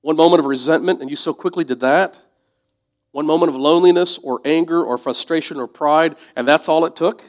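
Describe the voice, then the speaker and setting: A man preaching a sermon in a conversational, reflective way, dropping to soft asides. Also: fairly high pitch, brisk. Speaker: pastor.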